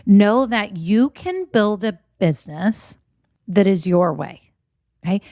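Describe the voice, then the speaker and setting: A woman hosting her own podcast in a chatty, upbeat way, her voice a bit scratchy and hoarse from a swollen voice box. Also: medium pitch, animated, takes it slowly, mellow, dry recording, clean studio sound. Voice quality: slightly scratchy voice. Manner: chatty and upbeat, says y'all. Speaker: podcast host. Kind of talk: casual solo podcast talk.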